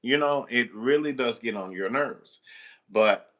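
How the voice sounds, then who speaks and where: A man who works as a substitute teacher tells a rambling story to the camera, exasperated and joking, with some mild cursing. His voice sits in the mid range, a bit bright, and he talks a little slowly.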